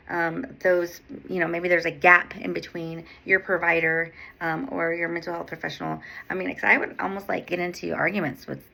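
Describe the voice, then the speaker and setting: A woman nurse coach hosts her own podcast in a loose, candid monologue. Her voice sits low and carries a gravelly fry, yet its tone stays bright and forward. She rambles, restarts her thoughts and swears freely. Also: rough recording. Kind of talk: casual monologue.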